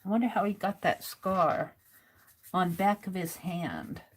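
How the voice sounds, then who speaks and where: A woman's voice: fairly low pitch, a little slow, a little hiss or hum. A woman hosting a livestream, reading viewers' comments aloud and chatting casually while she writes. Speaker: livestream host.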